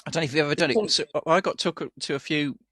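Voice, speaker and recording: A man's voice: on the high side, fast talker, bright, forceful tone, dry recording, studio quality. A man co-hosting a casual podcast chat, rambling through stories and acting out the voices of the people in them. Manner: rambling storyteller, acts out quoted voices, laughs often. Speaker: podcast co-host.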